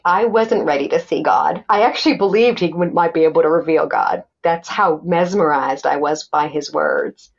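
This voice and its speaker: Middle-aged woman, podcast guest, storytelling, animated, quotes dialogue, mid pitch, slightly muffled lo-fi sound. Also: breathy edge. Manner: animated, acts out quoted dialogue, many restarts. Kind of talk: personal storytelling in an interview.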